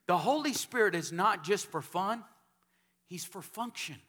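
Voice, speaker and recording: A man from Texas, a pastor preaching a sermon in a church sanctuary, telling stories and building up to shouted calls for amens. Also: sits high, animated, measured pace.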